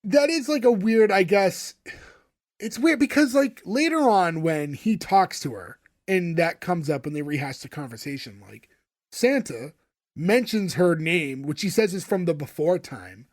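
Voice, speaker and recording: High-voiced rambling podcast guy. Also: lively intonation, measured pace. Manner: rambling, filler-heavy, laughs often. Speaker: podcast co-host. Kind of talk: casual chat recapping a TV episode.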